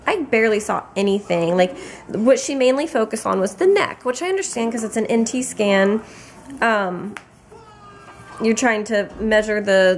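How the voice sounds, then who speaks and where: A woman's voice: medium pitch, moderate pace. A tired young woman giving a casual pregnancy update to her camera, chatty and rambling with many fillers and restarts. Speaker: vlogger.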